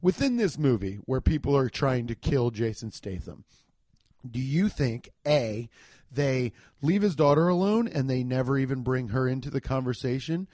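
A man's voice: mid-range voice, expressive, moderate pace, darkish tone, no echo, studio quality. A young man giving a profane, exasperated comedic rant reviewing a movie.

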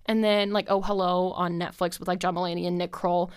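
A woman's voice: on the low side, flat delivery, brisk, smooth. A woman in her twenties hosting a podcast, rambling in casual chat with lots of fillers and frequent laughs. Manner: chatty and scattered, heavy with fillers and frequent laughs. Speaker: podcast host.

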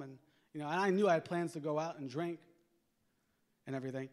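A man's voice: fairly high pitch, normal speed, pauses often. A man preaching in a church, telling his own story in a conversational way and calling on the congregation to answer back. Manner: conversational storytelling with call-and-response exhortation. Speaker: guest preacher giving testimony. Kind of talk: sermon testimony. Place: church sanctuary. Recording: long reverb of a church hall.

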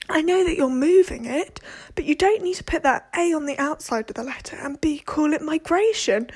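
High-voiced woman ranting. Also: darkish tone. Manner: ranting, exasperated, swears, drops into whispered asides. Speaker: podcast host. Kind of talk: casual monologue.

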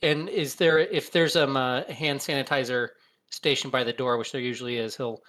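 A man's voice: medium pitch, fairly even intonation, normal speed, fairly bright tone. Upbeat man playing a lawyer at the table. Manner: casual, stop-start, upbeat. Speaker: player.

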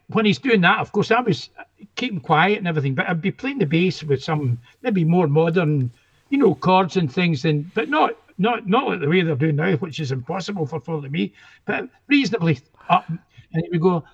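Older Scottish male musician, guest, rambling anecdotal delivery, high pitch for a man, muffled audio. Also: animated, normal speed, breathy edge. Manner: rambling, self-interrupting storyteller. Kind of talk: anecdotal interview chat.

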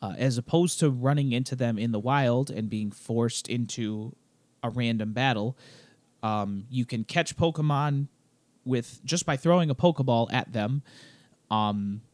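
A man co-hosting a casual podcast chat while a little sick, clearing his throat, explaining things wryly with lots of fillers. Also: medium pitch, unhurried, a little mellow, dry recording. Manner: chatty, wry, explains game at length with many fillers. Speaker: podcast co-host.

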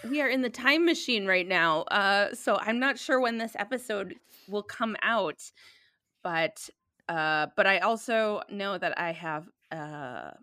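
A woman hosting a podcast in casual chat, playful and quick to laugh, recorded remotely from home. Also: mid-range voice, lively intonation, bright, forceful tone, no room sound, studio quality. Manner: laughs often, chatty and playful. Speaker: podcast host.

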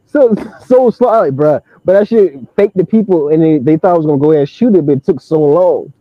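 A young man in casual chat, telling an animated story full of slang and laughter. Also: a little high, quick pace, no room sound. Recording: dull lo-fi sound.

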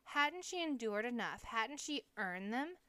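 Woman reading a novel aloud, smooth clear voice. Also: fairly high pitch, no room sound. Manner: steady, measured reading. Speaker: audiobook reader. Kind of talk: audiobook narration.

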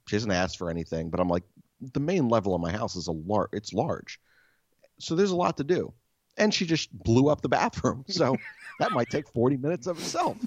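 A man casually telling a story as a podcast host, animated and exasperated, swearing often. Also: medium pitch, normal speed, slightly rough, dry recording, lo-fi sound.

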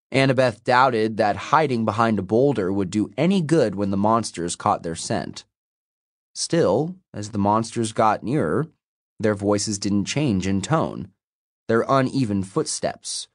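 Slow, expressive male audiobook narrator. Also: on the low side, dry recording, clean studio sound. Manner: measured, expressive storytelling. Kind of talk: scripted narration.

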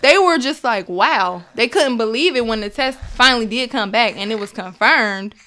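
Young woman guest, bright voice, lively storyteller who acts out every quote, as a mother recounting a hard time. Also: fairly high pitch, moderate pace. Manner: animated, acts out quoted dialogue, laughs often. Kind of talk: emotional personal storytelling.

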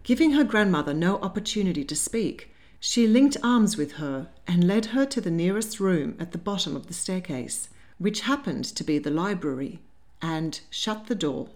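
A woman narrating a humorous period novel in a measured, clear storytelling voice. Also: on the low side, expressive, a little mellow. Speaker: audiobook narrator. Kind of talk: scripted narration.

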